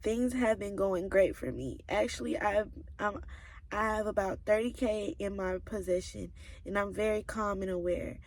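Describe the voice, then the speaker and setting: Reading her old journals aloud for a casual vlog, a woman in her twenties talks at normal speed in a mid-range voice. She confides openly and emotionally, uses "like" often, and sometimes becomes tearful.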